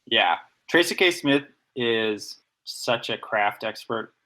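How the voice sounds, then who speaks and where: A man on a casual podcast he co-hosts explains topics with nerdy, analytical excitement, using examples along the way. His medium-pitched voice is expressive, pushed and bright, and he speaks at a slow pace.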